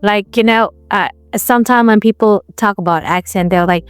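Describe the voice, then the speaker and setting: A woman's voice: mid-range voice, a little fast, few pauses, smooth, no room sound, soft background music. Woman podcast host with a dry close sound. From India. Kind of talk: casual chat.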